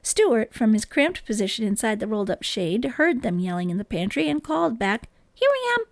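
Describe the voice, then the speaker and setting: Close to the mic, a woman reads a children's book in a gentle, expressive storytelling style. Her voice is medium-pitched and fairly quick, and the recording is dry.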